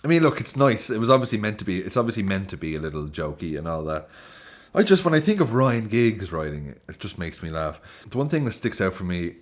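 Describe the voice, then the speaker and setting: A man giving a casual football commentary to camera, animated, laughing and swearing often. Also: sits low. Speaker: football YouTuber.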